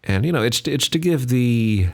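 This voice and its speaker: A man's voice: medium pitch, animated, normal speed, a little mellow. A young man hosting a casual solo podcast, rambling and self-deprecating with many restarts. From Singapore. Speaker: podcast host.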